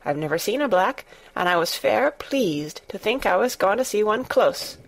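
A woman's voice: medium pitch, expressive, moderate pace, vocal fry. A woman voicing a plainspoken, friendly young housemaid with a Yorkshire accent and homely dialect, in an audiobook. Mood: chatty. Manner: blunt, homely dialect with thee and thou. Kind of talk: audiobook character voice.

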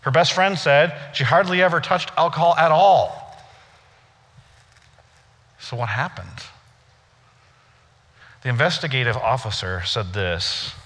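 Bright-voiced pastor in a church hall. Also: male voice, mid-range voice, measured pace, long pauses. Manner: conversational storytelling, playful asides with the congregation. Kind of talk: sermon.

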